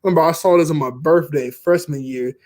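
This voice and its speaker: Chatting about movies, a young man with a fairly high, darkish voice speaks a little fast. The YouTuber's casual commentary wanders, full of fillers and laughs.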